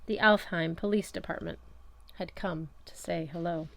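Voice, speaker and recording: A woman with a lowish, steady voice reads a first-person story aloud. Her delivery is wry and conversational. The recording is close and dry with no room sound. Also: normal speed, vocal fry, no room sound. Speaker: audiobook reader. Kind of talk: first-person audiobook narration.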